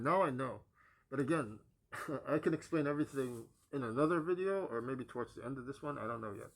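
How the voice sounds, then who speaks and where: Hesitant young man recounting his story. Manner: hesitant, many pauses and fillers, voice dropping low and soft at the ends of phrases. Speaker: vlogger giving a personal testimony. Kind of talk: halting personal storytelling.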